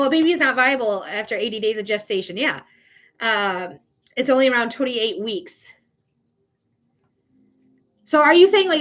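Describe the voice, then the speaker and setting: A woman's voice: high voice, fairly bright tone. A woman psychic giving a casual live-stream reading, chatty and blunt, swearing freely. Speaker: psychic reader.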